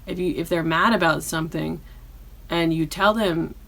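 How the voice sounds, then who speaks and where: A woman hosting her own podcast in casual chat, loud and profane, often bursting into yelling. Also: lowish voice, normal speed, gravelly. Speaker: podcast host.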